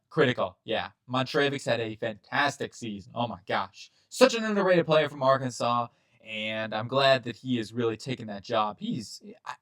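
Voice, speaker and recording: A young man hosting his channel, chatting through a football mock draft in a rambling, casual way, full of asides and quick self-corrections. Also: medium pitch, fairly bright tone, no echo. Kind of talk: casual sports commentary.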